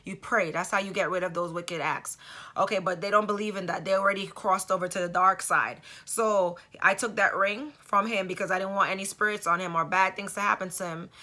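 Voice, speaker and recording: A woman talks straight to her viewers in a casual storytelling monologue. Her voice is bright and forward. She speaks emphatically and keeps turning to the listener with rhetorical asides. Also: mid-range voice, fairly even intonation, brisk. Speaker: vlogger.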